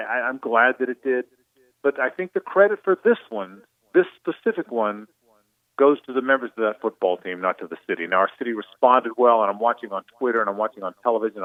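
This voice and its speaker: A man's voice: fairly low pitch, dry recording. A middle-aged man from Jacksonville, a sports broadcaster talking earnestly and with emotion, repeating words as he goes, calling in by phone. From Jacksonville, Florida. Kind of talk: reflective on-air talk. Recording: tinny phone line, dry.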